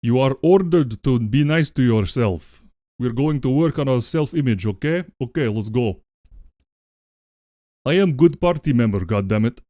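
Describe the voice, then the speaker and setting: A man's voice: medium pitch, expressive, normal speed, dark tone, no room sound, studio quality, natural voice. A man putting on a Russian accent to voice a male goat comrade barking mock-stern self-love slogans, with swearing. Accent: put-on Russian. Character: boisterous male goat communist comrade giving pep talk. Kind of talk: comedic affirmation bit on livestream.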